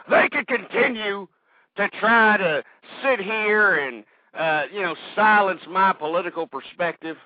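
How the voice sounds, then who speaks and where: On his own talk radio show, a hoarse, high-voiced man rants indignantly, swearing and haranguing listeners he calls folks. His voice sounds thin and phone-like, as though sent over a telephone line, with no room echo whatsoever.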